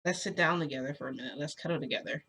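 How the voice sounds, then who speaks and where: A woman voicing a quiet, soft-spoken adult man in a casual storytime retelling. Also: low-pitched, rapid-fire, slight background noise, voice pushed down.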